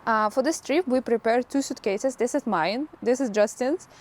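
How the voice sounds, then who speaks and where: A woman's voice: a little high, darkish tone. A young woman with a Russian accent, casually showing her packing in a travel vlog and laughing often. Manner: laughs often, lists items briskly. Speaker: vlogger.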